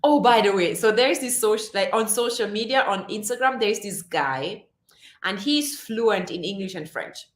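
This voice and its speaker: A woman's voice: medium pitch, expressive, moderate pace. A woman hosting a casual livestream chat, reading viewer comments aloud and laughing often. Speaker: livestream host. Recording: echoey room.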